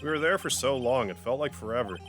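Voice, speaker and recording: Haunted young prosecutor, man reading, grave and measured, mid-pitched. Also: lively intonation, music in the background, natural voice.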